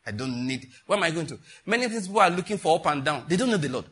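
Husky and on the high side, this man's voice comes out in rapid-fire bursts. He's a pastor preaching, and his stories are animated, with quoted voices acted out.

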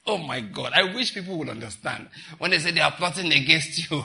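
Pastor preaching a sermon, man, very bright forceful voice, repeats phrases, scolds the congregation. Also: a little high, animated, brisk, gravelly, few pauses.

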